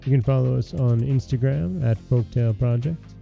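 A man hosting a folktale podcast, reading a fairy tale aloud in a measured, gentle storytelling way. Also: medium pitch, vocal fry, lo-fi sound, faint music behind. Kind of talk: scripted narration.

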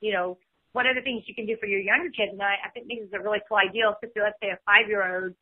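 A woman's voice: mid-range voice, steady tone, very fast. A woman in her fifties, a podcast guest speaking in casual chat, full of "you know" fillers. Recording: tinny phone line.

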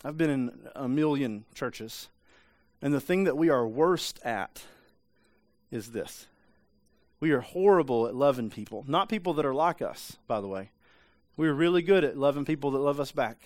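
A man's voice: medium pitch, expressive, moderate pace, a little mellow, no room sound. A man preaching a sermon in a church, talking in a loose conversational way with frequent restarts and rhetorical questions. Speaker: pastor. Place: church sanctuary.

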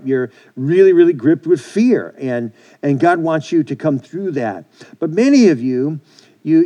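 A male pastor delivers an earnest sermon, circling back and repeating phrases as he goes. His voice sits a little high but has a warm, mellow tone. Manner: repetitive, earnest preaching with many restarts.

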